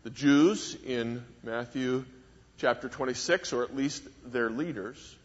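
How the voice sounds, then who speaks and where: A man preaching a sermon, measured and emphatic, leaning hard on key words with wide rises and drops in pitch and volume. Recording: dull lo-fi recording with long hall reverb.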